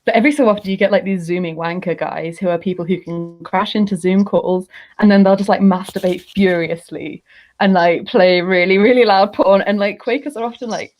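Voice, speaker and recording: An animated woman guest chatting casually over a video call, laughing often as she tells her story. Her voice sits at a middle pitch. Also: fairly quick. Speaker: podcast guest. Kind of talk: casual chat, anecdote.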